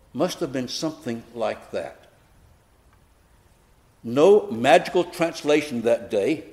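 A man preaching a sermon, telling a personal story in an unhurried, reflective way with touches of gentle humor. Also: on the high side.

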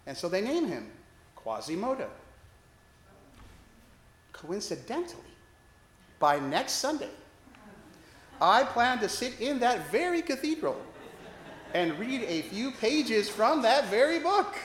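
A man's voice: very high-pitched, big pitch swings, slow, long pauses, a bit bright, reverberant, slight background noise. A man preaching a sermon as a priest, telling a story with wry, self-deprecating humor.

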